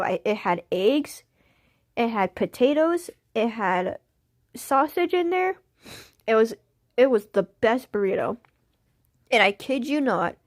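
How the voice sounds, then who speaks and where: Giggly young woman livestreaming, high voice. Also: dry recording, studio quality. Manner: laughing constantly, giggly and silly. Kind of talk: casual livestream chat.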